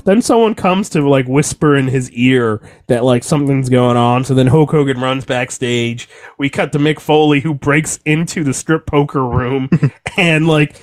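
A young man co-hosting a podcast, recapping wrestling in a profane, exasperated, animated rant. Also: medium pitch, moderate pace. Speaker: podcast co-host. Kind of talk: casual wrestling recap chat.

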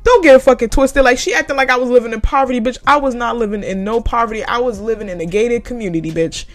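A woman's voice: on the high side, fast. Heated, profane young woman ranting. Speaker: former retail worker telling her story. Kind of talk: casual storytime rant.

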